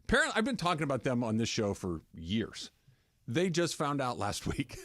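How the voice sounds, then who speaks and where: A man's voice: mid-range voice, normal speed, dry recording. A man hosting a sports radio show, telling casual stories with lots of laughter. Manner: animated, laughs often, tells stories.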